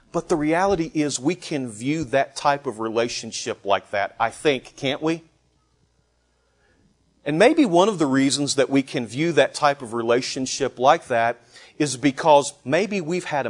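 A man preaching a sermon, measured and emphatic, building on repeated phrases with deliberate pauses. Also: mid-range voice. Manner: slow deliberate delivery with pauses. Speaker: pastor.

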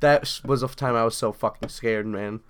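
A young man co-hosting a podcast, telling childhood stories in a casual, animated way, swearing constantly and saying "dude" often. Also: medium pitch, moderate pace, smooth. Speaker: podcast co-host. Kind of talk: casual storytelling chat.

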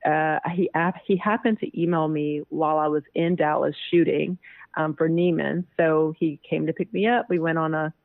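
A woman's voice: low-pitched, steady tone, normal speed, dry recording. A woman in her thirties, an interview guest telling stories in a chatty way and laughing often. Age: 30s. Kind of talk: casual interview chat. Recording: tinny phone-like dry line.

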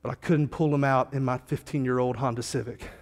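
A man's voice: mid-range voice, fairly even intonation, fairly quick, big-room sound. A man preaching a sermon as a pastor, telling a story in a casual, slangy, conversational way.

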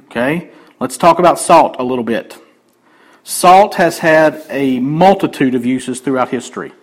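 A man's voice: medium pitch, moderate pace. A man preaching a sermon as pastor, conversational and joking with the congregation.

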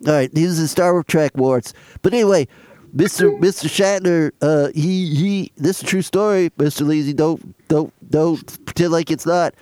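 A man's voice: fairly high pitch, dark tone, no room sound, natural voice. A man voicing a dim-witted grown man who stammers and repeats his words. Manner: halting, repeats words, formal "Mister" address.

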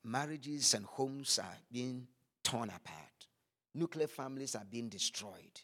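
A man's voice: mid-range voice, expressive, measured pace, pushed and bright. A man preaching a sermon, acting out scripture scenes with vivid voices, then turning earnest.

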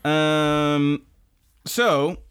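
A man's voice: fairly high pitch, steady tone, drawn-out words, fairly bright tone, smooth. A man co-hosting a podcast, casually recapping episodes in a rambling, profane way and laughing often. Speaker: podcast co-host.

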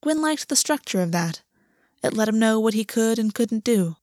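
A woman narrating a story aloud in a steady, even reading voice. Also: fairly high pitch, normal speed, dry recording, studio quality. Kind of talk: audiobook reading.

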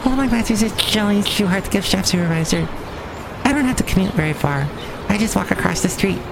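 A man doing a chirpy woman gift shop supervisor with a gravelly, crackly edge to her high voice. Traffic hums behind her in an outdoor recording by a busy street. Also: animated, fast talker. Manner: high, eager, repeats the host's full name.

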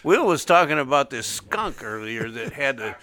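A man as a radio guest, relaxed and rambling while playfully teasing a friend. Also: medium pitch, normal speed. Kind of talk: casual radio chat.

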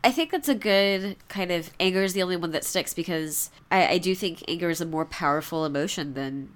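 A young adult woman co-hosting a casual chat, talking fast with frequent laughs as she leads the discussion. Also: lowish voice, smooth. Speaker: podcast co-host.

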